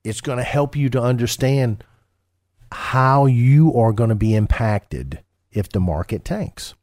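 A man's voice: mid-range voice, expressive, measured pace, a little mellow, no echo, clean studio sound. A man co-hosting a retirement-planning radio show as a financial advisor, talking casually with many restarts and fillers.

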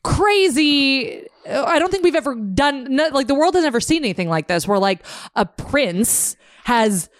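A woman's voice: sits high, expressive, measured pace, slight background noise. A young woman co-hosting a podcast in casual chat, rambling with lots of fillers and frequent laughter. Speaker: podcast co-host.

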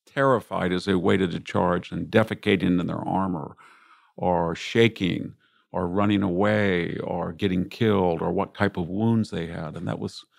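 A man's voice: deep voice, fairly even intonation, unhurried, creaky, dry recording, clean studio sound. An older American man, a historian guest in an interview, telling reflective stories about his family and war. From United States. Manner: reflective, anecdotal, voices relatives in quotes. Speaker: guest, classicist and military historian. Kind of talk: conversational interview storytelling.

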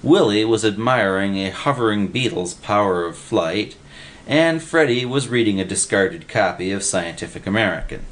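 A man narrating an audiobook story in a steady storytelling voice. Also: fairly low pitch, moderate pace.

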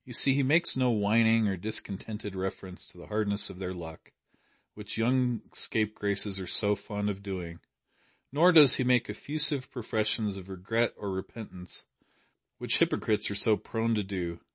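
A thoughtful older gentleman, as the narrator voices him, deliberate and judicious. Close to the reader's own low voice, dry and near the mic. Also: no room sound. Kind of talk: audiobook character reading.

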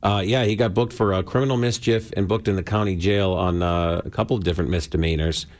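Guy co-hosting radio, kinda low voice, deadpan jokes, laid back. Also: quick pace. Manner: joking, deadpan asides. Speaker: radio co-host. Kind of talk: casual morning radio banter. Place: radio studio.

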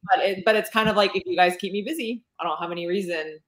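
A woman's voice: medium pitch, fast, reverberant. A woman author chatting in an interview, rambling with lots of fillers and restarts. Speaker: romance author. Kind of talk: casual interview chat.

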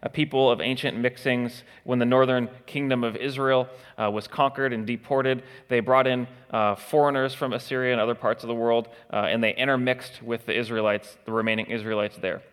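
Casual man preaching, mid-pitched voice, lots of uh's, sounds like a big church with a long echo. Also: fairly even intonation, brisk, hardly any pauses, clean tone. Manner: conversational, frequent uh fillers, acts out quoted attitudes. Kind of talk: expository sermon. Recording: long hall reverb.

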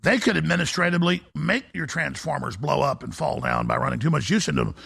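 A male talk show host delivering an intense, forceful ranting monologue. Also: fairly high pitch, fast, vocal fry, breathy edge.

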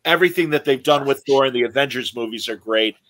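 A man's voice: mid-range voice, quick pace, fairly bright tone, no room sound. A man co-hosting a casual chat about movies and TV, chatty and reading out listener comments. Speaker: podcast co-host.

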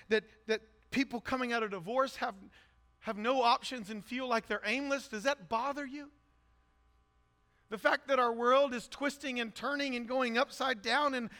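Pastor, male, high and bright voice, blunt intense delivery, hall reverb. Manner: blunt, intense, rising to shouts. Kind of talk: sermon.

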